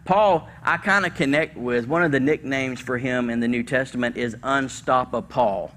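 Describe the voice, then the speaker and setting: A male pastor giving a conversational, animated sermon in church, with casual slang and sudden bursts of emphasis. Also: mid-range voice, moderate pace, slight background noise.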